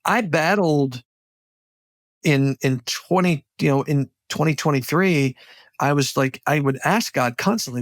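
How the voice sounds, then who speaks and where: A man's voice: fairly high pitch, a little slow, no echo. Earnest man telling his story. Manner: heartfelt, candid, faith-driven. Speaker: podcast guest.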